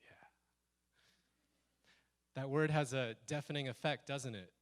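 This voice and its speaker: A man tells a personal story to a live audience, with a voice of middling pitch. He is animated, and he acts out the lines he quotes in shifting voices. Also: unhurried. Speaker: speaker telling a personal story. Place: stage at a speaker event.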